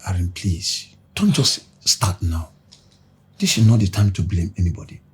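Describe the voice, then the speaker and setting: An actor playing a worried spouse who urges calm and repeats himself insistently. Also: male voice, low-pitched, normal speed, slight background noise. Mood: soothing.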